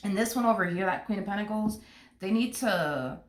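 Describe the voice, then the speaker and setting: A woman's voice: medium pitch, brisk, slight background noise. A woman giving a casual tarot reading, blunt and emphatic, repeating her points and swearing freely. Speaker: tarot reader. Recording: roomy echo.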